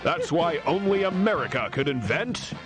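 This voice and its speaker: A man's voice: a little high, sing-song, normal speed, over music. A man voicing a smug, gloating male American cartoon hero. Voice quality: gloating, patriotic. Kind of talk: cartoon voice acting.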